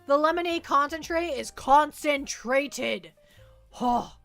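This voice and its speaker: Woman, livestream host, high voice, rambling casual chat, self-deprecating jokes, dry close sound. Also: takes it slowly, fairly bright tone, no echo, faint music behind. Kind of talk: casual chat reading viewer questions.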